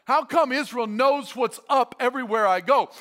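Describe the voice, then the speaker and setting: A man's voice: very high voice, normal speed, a bit bright, in a large hall. A man preaching, briefly voicing an indignant, suspicious ancient king.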